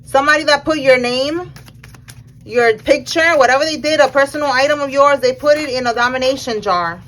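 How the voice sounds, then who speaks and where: Excited woman reading tarot. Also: high voice, a little fast, rough recording. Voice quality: casual slangy speech. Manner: excited, emphatic, talks straight to the viewer. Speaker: tarot reader.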